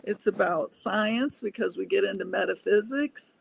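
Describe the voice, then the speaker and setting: Older woman, gravelly, chatty panel guest who laughs a lot. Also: mid-range voice, normal speed, a little hiss or hum. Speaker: guest speaker. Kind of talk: casual panel chat.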